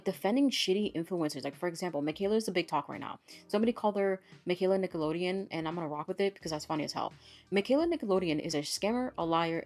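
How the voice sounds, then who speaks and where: A woman hosting a commentary channel, ranting bluntly and swearing freely in a fed-up tone. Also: mid-range voice. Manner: blunt, profane, exasperated ranting. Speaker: commentary host.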